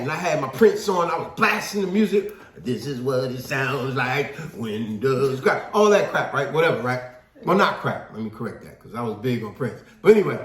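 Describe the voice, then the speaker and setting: A man with a fairly high, lively voice, talking in a casual discussion. He tells stories with energy and acts out the people he quotes. The sound is echoey, as if recorded in a bare room. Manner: animated storytelling, acts out quotes. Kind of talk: casual talk-show discussion.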